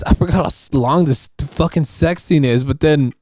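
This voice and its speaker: A man's voice: medium pitch, moderate pace, gravelly, a little mellow, no echo. A man hosting his own podcast, talking alone in a loose, rambling, profane monologue. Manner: rambling, profane, restarts and fillers. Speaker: podcast host. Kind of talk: casual solo podcast monologue.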